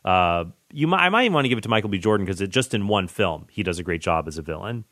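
A man in his thirties hosts a podcast in a low voice and talks with eager enthusiasm. He jumps between excited tangents in a casual way. The sound is very dry and close, with no room echo. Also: fast. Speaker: podcast host. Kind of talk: casual movie chat.

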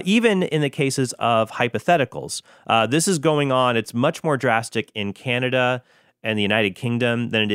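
A man with a fairly low, smooth and resonant voice talks through a case on his solo show. He sounds earnest and explanatory, now and then turning sarcastic. The sound is dry and close to the mic. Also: a bit bright, no room sound. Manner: earnest, explanatory, with bursts of sarcasm and mock British impressions. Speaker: Catholic apologetics show host.

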